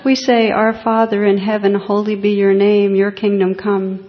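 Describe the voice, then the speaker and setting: A woman voicing humble island fishermen who speak in broken, halting English within a told story. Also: mid-range voice, expressive, lightly acted. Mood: eager apologetic. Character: simple humble island fishermen, eager and earnest. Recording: echoey hall, dull lo-fi sound.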